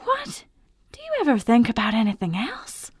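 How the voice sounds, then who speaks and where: An actress playing a sharp-tongued, bantering woman at a wedding, in a TV drama. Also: a little high, huge pitch swings, moderate pace, husky, no room sound, heavily acted. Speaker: wedding guest avoiding an old friend. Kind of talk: TV drama acting.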